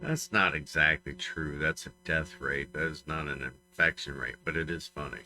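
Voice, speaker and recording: A man's voice: rumbling low, steady tone, moderate pace, sharp tone, soft background music, poor audio. A man co-hosting a comedy podcast, giving emphatic, ranting opinions in casual banter. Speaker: podcast co-host.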